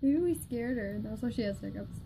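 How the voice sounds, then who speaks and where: A woman's voice: fairly high pitch, animated, fast, gravelly, mellow, poor audio. A woman chatting casually in a home video, playful and teasing.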